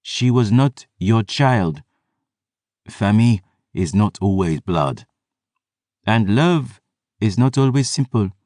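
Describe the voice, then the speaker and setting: A man voicing a smug, condescending vampire historian who lectures smoothly. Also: fairly low pitch, darkish tone, no room sound, studio quality, voice pushed up.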